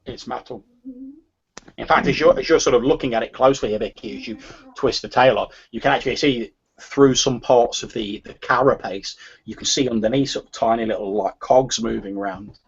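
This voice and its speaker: Man, game master, husky voice, hedging restarts, dull lo-fi sound. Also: medium pitch, fairly quick. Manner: hesitant, full of "sort of" and restarts. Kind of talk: narrating a tabletop game.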